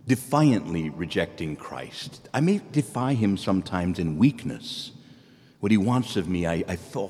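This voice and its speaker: A man's voice: on the low side, a little mellow, big-room sound. A man preaching a sermon, earnest and pleading, who climbs to exclamations and then drops to near whispers.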